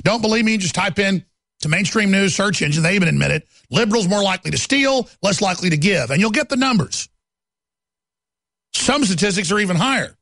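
Ranting gravelly-voiced male host. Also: high-pitched, a bit bright, no room sound. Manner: ranting, stammering repeats, contemptuous. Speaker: talk show host. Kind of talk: heated political monologue.

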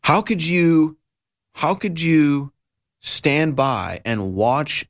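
A man's voice: fairly high pitch, sing-song, very slow, soft background music. A man hosting a talk radio show, delivering an emphatic, indignant monologue and repeating his phrases for effect.

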